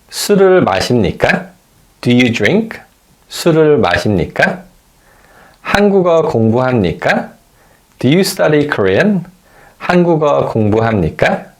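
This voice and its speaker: A man teaching a recorded language lesson, giving clear, measured explanations and modeling example phrases for learners to repeat. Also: medium pitch.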